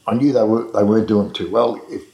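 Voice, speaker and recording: An Australian restaurant owner, recorded in an echoey room, rambles through long anecdotes about running his place during a casual interview. His lowish, warm, creaky voice moves briskly with fairly even intonation, full of restarts and fillers.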